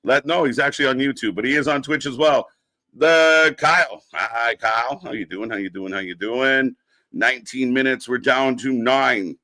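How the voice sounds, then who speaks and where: A man's voice: medium pitch, moderate pace, bright, forceful tone, no echo. A young man hosting a live wrestling stream, casually greeting chatters by name in an upbeat way. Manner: rattles off chat names and greetings, upbeat. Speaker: host of a live wrestling watch-along stream.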